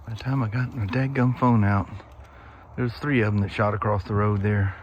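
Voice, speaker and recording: A man's voice: on the low side, fairly even intonation, moderate pace, highs cut off, a little hiss or hum. Folksy man vlogging outdoors. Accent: Pacific Northwest American. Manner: folksy, chatty, rambling. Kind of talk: casual vlog chat. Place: outdoors, rural road and creek. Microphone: wireless clip-on mic.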